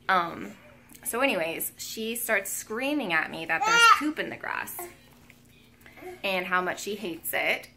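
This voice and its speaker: Young woman, vlogger, bright voice, slightly low pitch, emotional, lots of fillers, at home. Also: slight background noise. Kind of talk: casual storytelling to camera.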